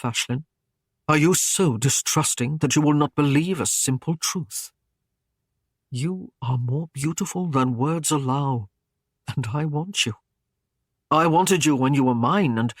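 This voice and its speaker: Male narrator doing a coaxing knight, flattering, dry close sound, audiobook. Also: on the high side, dry recording. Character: smooth-talking knight wooing a woman.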